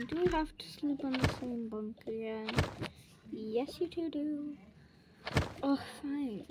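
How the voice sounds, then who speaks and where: A woman voicing a whole family in a casual role-play, full of excited exclamations and squabbling. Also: sits high. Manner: quick back-and-forth of excited exclamations and squabbling. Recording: noisy home recording.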